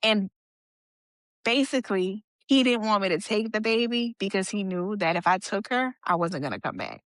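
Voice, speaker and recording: A young woman guest on a podcast tells a personal story in a relaxed, chatty way, quoting what other people said and using fillers. Her voice is mid-range and animated, at a normal speed. The studio-quality recording has no room sound.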